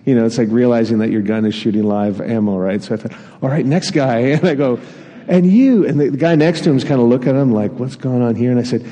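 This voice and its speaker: Male preacher, warm mellow voice, self-deprecating storyteller, hall reverb. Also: mid-range voice, steady tone, fast talker, few pauses. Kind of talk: sermon.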